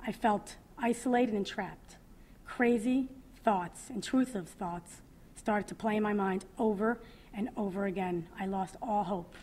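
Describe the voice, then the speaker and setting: A woman in her thirties reads her own testimony aloud as a mother at a public event, speaking earnestly and with feeling, often pausing. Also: mid-range voice, darkish tone. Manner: emotional, earnest, with pauses. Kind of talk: reading a personal testimony aloud.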